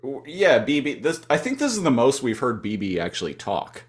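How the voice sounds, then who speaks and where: A man's voice: mid-range voice, sing-song, a little fast. A man co-hosting a podcast, chatting casually and riffing on a cartoon's scenes. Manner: laughing, riffs with exaggerated character voices. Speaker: podcast co-host. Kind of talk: casual comedic episode recap.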